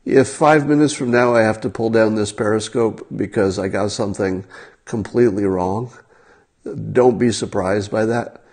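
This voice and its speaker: A man's voice: fairly low pitch, moderate pace, a little mellow. Wry man talking to his livestream viewers. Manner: wry, incredulous, talks straight to viewers. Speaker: livestream host. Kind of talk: casual livestream commentary.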